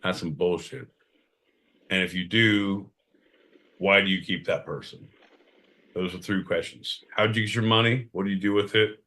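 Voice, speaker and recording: A man co-hosting a podcast in casual comedic banter, loud and profane with sudden bursts of energy. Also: sits low, steady tone, normal speed, long pauses. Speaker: podcast co-host.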